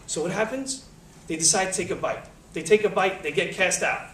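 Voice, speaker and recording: A man on a panel, telling religious stories to an audience in a lively, slangy way and acting out the quotes, recorded in a college lecture hall. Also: high-pitched, brisk. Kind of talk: casual religious storytelling to an audience. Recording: echoey hall, distant mic, faint hum.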